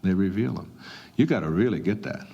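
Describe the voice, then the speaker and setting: A man's voice: sits low, brisk, dull audio. A middle-aged man giving a motivational talk, telling stories and acting out little dialogues. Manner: animated storyteller, acts out little dialogues. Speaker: motivational speaker. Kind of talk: motivational talk to a live audience.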